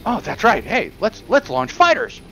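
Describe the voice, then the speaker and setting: A man's voice: high-pitched, huge pitch swings, normal speed, vocal fry, a bit bright, soft background music. A man chatting in an easygoing way while playing a game, laughing often. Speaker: gamer co-streamer. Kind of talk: casual chat while gaming.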